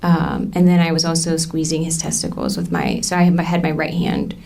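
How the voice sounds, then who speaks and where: Woman, 30s, court witness, halting testimony, dark mellow tone. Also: sits low, sing-song, vocal fry. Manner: halting, many ums, recounting events. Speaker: trial witness.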